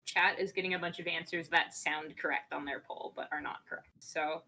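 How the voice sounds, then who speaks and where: A woman runs a livestream trivia game, reading out questions in a fairly low voice. She sounds upbeat and a little scatterbrained as she juggles the game. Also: fairly even intonation, fairly quick, sharp tone, slight background noise. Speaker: game show host.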